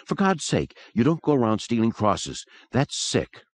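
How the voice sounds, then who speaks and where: A man reading aloud, voicing a sharp-tongued young woman who panics when the floor gives way. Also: mid-range voice, huge pitch swings, unhurried. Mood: curt. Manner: snappish, then panicked.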